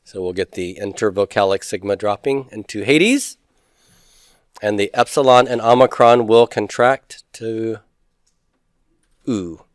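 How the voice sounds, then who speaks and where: A man's voice: lowish voice, measured pace, long pauses, smooth, no echo, clean studio sound. A man teaching a Greek grammar lesson, chatty and teasing, drilling word forms aloud. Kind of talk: recorded classroom lecture.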